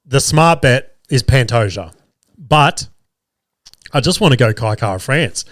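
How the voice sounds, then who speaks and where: This Australian host sounds animated yet unhurried, his mid-range voice a touch bright, as he rambles through sports betting picks with lots of swearing, fillers, and restarts, coughing since he's feeling poorly. Recorded in a small studio on a studio mic, there's no echo.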